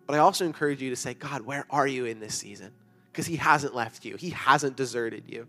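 A man's voice: mid-range voice, moderate pace, sharp tone. Young man, youth pastor, earnest casual sermon, chatty with fillers, faint music underneath. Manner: earnest, conversational preaching with many fillers. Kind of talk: sermon to students. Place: church youth room.

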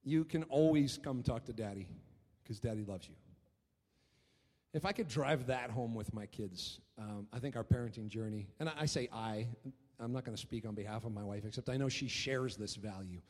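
A man preaching a sermon as pastor, telling stories in an animated way and often repeating his words. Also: mid-range voice, moderate pace. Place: church hall. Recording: long reverb of a church hall.

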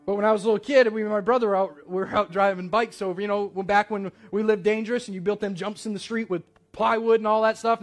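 High-voiced man preaching a sermon. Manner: storytelling, conversational and earnest. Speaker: pastor.

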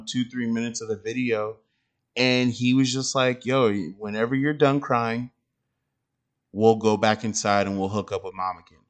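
A young father tells a parenting story in a loose, rambling way, full of slang, fillers and restarts. His voice sits at an ordinary middle pitch for a man. He talks easily and plainly, the way he would to friends. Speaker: father podcaster. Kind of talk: casual storytelling monologue.

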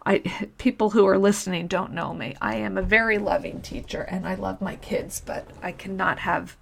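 Woman teacher-podcaster, blunt and conversational, a bit of vocal fry, mid pitch. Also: fairly even intonation, moderate pace, a little hiss or hum. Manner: frank, matter-of-fact, conversational with asides. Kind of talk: solo podcast advice talk.

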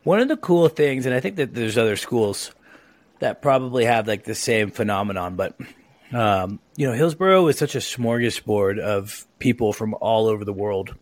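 A man's voice: lowish voice, expressive, normal speed, no echo. A man hosting a podcast who chats casually, rambling with plenty of fillers. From Oregon, USA. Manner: chatty, rambling with many fillers. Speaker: podcast host. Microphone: own mic on a remote call.

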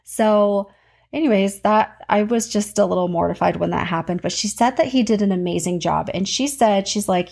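With vocal fry at a moderate pace, a podcast host in her thirties casually talks through her week. Her voice is animated and storytelling, climbing in pitch as excitement builds.

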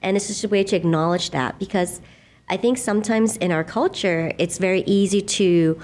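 A middle-aged woman guest, a laughter yoga leader, speaking in an earnest, gentle, reflective way in a conversational interview. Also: mid-range voice, moderate pace. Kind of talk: conversational interview, guided exercise.

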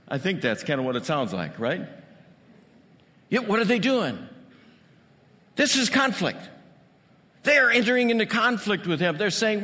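A man's voice: high-pitched, very animated, moderate pace, pauses often, sharp tone, long reverb tail. A male pastor giving a conversational sermon, full of rhetorical questions.

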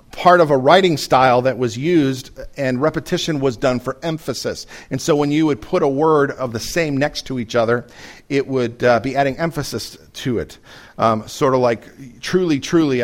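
A man preaching a sermon as pastor, explaining a passage in an earnest teaching manner, with frequent ums and restarts. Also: mid-range voice.

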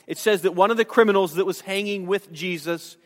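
A man with a high-set voice preaches to his church, earnest and conversational, often restarting his phrases. The sound carries a long reverb from the sanctuary around him. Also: a little fast. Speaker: pastor. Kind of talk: sermon.

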